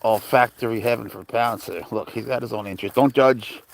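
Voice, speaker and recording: A man with a gravelly voice chats loosely to his live stream viewers while out in a park. He rambles, greets people by name and talks to his cat. His voice is picked up by a handheld phone. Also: medium pitch, fairly even intonation, a little fast, slight background noise. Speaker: livestream host. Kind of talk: casual live-stream chat. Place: outdoors in a park.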